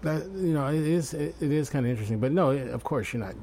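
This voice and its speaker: A man hosting a casual interview with a fellow comedian, easygoing and quick to laugh, sometimes searching for his words. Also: fairly high pitch, dark tone, slight background noise. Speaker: podcast host and comedian.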